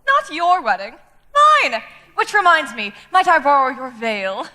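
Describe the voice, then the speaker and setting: A young woman plays an arch, drowsy chaperone with a swooping, drawling delivery. Her high, bright voice carries through a reverberant school auditorium. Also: big pitch swings, unhurried, full character voice. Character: tipsy, sardonic grande-dame chaperone, woman. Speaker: stage actress. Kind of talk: live stage musical acting.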